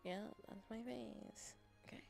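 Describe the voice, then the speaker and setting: A young woman streaming a casual chat as a VTuber and ASMR creator, rambling with restarts and often dropping into soft whispers. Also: a little high, measured pace, vocal fry, soft background music.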